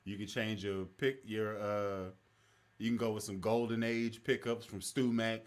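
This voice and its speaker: A young man, hosting a casual stream chat in an animated, rambling way that is full of laughter. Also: fairly low pitch, a little slow. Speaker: stream host.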